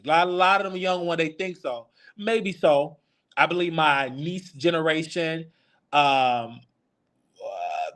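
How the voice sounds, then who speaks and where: A man in his thirties hosts a live Q&A, openly sharing stories from his own life in a confiding way. His voice sits on the high side with a fairly bright tone.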